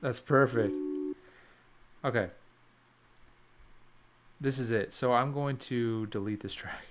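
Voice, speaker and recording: A man's voice: medium pitch, slow, slight background noise. A young man producing music on a livestream, musing aloud and questioning his own choices as he works. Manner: thinking aloud, self-questioning. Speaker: music producer live-streaming. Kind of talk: casual livestream commentary.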